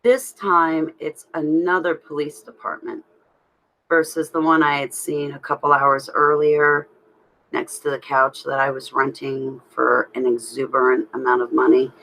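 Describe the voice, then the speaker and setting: A woman telling a personal story in a halting, rambling way, with restarts. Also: deep voice, a bit bright, rough recording. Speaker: vlogger telling her own story.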